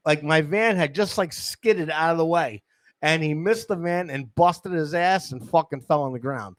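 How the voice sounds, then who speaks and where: New man in his thirties, podcast host, profane rambling storyteller, slightly high voice, dry close mic. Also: no room sound. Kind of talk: casual storytelling. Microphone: studio microphone.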